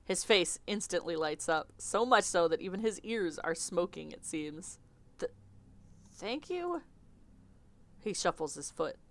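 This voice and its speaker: A woman streamer reading a visual novel aloud in an animated, chatty way, often laughing. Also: lowish voice, moderate pace, few pauses.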